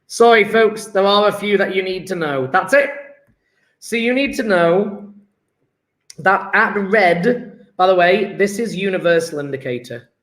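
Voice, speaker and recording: A man's voice: sits high, a little slow, a bit bright. A man teaching a live online chemistry lesson, rambling and joking with self-deprecating asides as he answers students' chat. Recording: echoey room.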